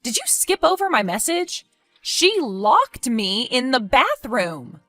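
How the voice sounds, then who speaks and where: A frantic, anxious babysitter. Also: female voice, fairly high pitch, very animated, a bit bright, no echo, faint music behind. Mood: pleading. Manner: frantic, pleading, quick to raise her voice. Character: anxious young woman babysitting, easily alarmed. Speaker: stepmother-to-be left babysitting. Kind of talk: animated story voice acting.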